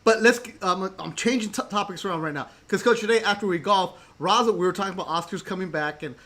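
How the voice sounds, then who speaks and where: Chatty host with a high voice. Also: male voice, quick pace, pushed and bright. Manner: chatty, laughs often, jumps between topics. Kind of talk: casual chat.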